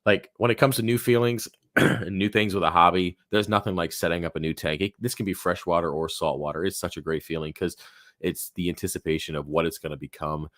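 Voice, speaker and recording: A deep-voiced man hosts a live Q&A stream, rambling through casual talk with plenty of fillers and restarts. His voice is hoarse and fading. The sound is dry and close. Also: steady tone, a little fast, fairly bright tone, no echo. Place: home office.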